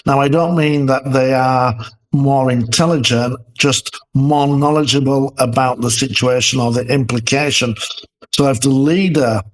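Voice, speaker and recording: A man's voice: medium pitch, fairly even intonation, unhurried, rough recording. A man co-hosting a podcast as a leadership expert, talking casually with fillers and restarts. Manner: conversational, many fillers and restarts.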